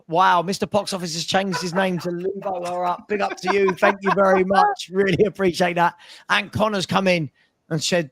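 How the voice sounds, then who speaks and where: A man hosting a casual fan podcast, rattling off upbeat thank-yous and shout-outs. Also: high voice, level tone, moderate pace, dry recording. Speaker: host.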